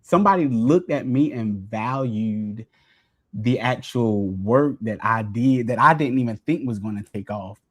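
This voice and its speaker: A man's voice: mid-range voice, expressive, measured pace. A man as a guest on a casual interview, talking in an earnest, heartfelt way, a bit emotional. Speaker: guest content creator.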